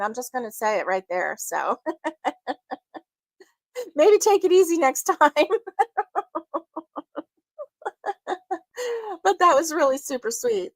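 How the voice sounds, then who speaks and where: A woman hosting a casual crochet livestream, chatting with viewers, giggling often and filling pauses with ums. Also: fairly high pitch, fairly bright tone, no room sound. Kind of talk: casual live chat with viewers.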